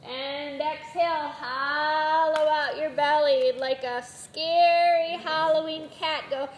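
High-voiced woman leading kids' yoga. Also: fairly even intonation, slow pace. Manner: gentle, encouraging, playful instructions. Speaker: yoga teacher. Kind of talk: guided kids' yoga class. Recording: echoey room with faint background noise.

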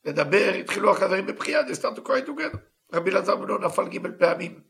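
Guy teaching live, reads a line then translates it in broken english, quick and bright, kinda high voice. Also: very animated, gravelly. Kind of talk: live text lesson, reading and translating.

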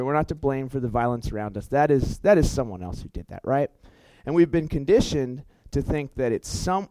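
A young man giving a storytelling sermon in an animated, chatty way, full of fillers and self-corrections. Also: mid-range voice, dry recording, rough recording. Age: young adult. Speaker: youth preacher.

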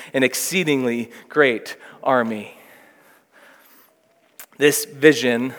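Heard with the lingering echo of a large hall, a pastor reads a scripture passage and then expounds on it, growing more emphatic as he goes. His voice has medium pitch and a rather bright tone.

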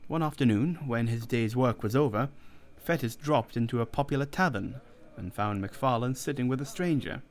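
A man narrates a classic story at a measured pace. His voice sits at a middling pitch. The delivery is formal and even. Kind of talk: audiobook narration.

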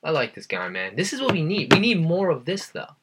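A man's voice: a little high, sing-song, brisk, very noisy. A man co-hosting a podcast in casual chat, laid-back, slangy and profane. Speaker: podcast co-host.

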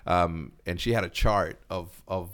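Low-voiced man telling a story. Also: a little slow. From Mexico. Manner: storytelling, animated, many restarts. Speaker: podcast co-host. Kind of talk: casual podcast chat.

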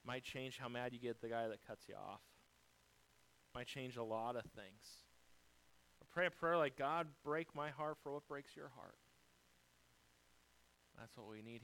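A man's voice: medium pitch, slight background noise, rough recording. American man preaching with swinging dynamics. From United States. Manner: dynamic preaching, rising loud then dropping soft; speaks directly to congregation, lists numbered points. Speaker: pastor. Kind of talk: sermon.

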